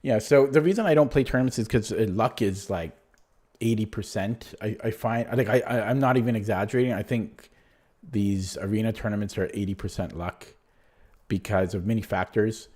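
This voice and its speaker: A man's voice: lowish voice, moderate pace, darkish tone. Man muttering through an online chess game. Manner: thinks aloud, muttering moves half to himself; casual, self-deprecating, rambling asides. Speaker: chess streamer. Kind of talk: live commentary while playing online chess.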